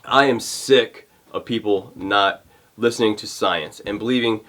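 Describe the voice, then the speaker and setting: A man's voice: lowish voice, a little slow, a bit bright. A male vlogger ranting to camera, fired up and exasperated, often repeating himself. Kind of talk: heated rant to camera.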